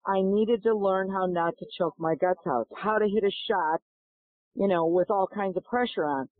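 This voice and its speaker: A woman's voice: medium pitch, moderate pace, dry recording. Middle-aged woman telling stories over a tinny line. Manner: animated, acts out dialogue in her stories. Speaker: golf instructor and guest. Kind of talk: storytelling in a podcast interview. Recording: tinny phone-like line, dry.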